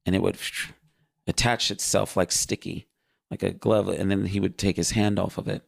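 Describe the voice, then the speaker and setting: Earnest guy telling his vision story, lowish raspy voice, no room sound. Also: flat delivery, moderate pace, no echo. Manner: earnest, vivid storytelling with fillers. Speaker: guest recounting a vision. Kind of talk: casual spoken testimony.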